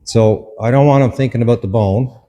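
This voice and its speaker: A man's voice: mid-range voice, fairly quick, big-room sound, noisy background. A man, a dog behaviourist, explains a hands-on dog training demonstration in short instructive steps and commands.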